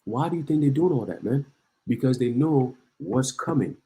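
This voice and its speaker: A man's voice: medium pitch, expressive, normal speed, warm tone, poor audio. A man preaching in heated commentary on the news, reading articles aloud and then ranting. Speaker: online preacher.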